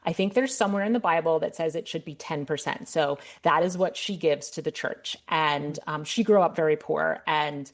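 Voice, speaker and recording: A woman's voice: low-pitched, normal speed, hardly any pauses. A middle-aged woman hosting a podcast, candidly telling a long personal story in casual conversation, with frequent restarts. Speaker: podcast host. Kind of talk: casual interview chat.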